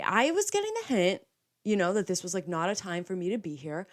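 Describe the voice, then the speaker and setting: A woman's voice: medium pitch, quick pace. A young woman in her twenties hosting a podcast, telling a story casually and constantly saying "like", acting out other people's lines in quotes. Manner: chatty, heavy use of "like", animated retelling with quoted dialogue. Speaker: podcast host.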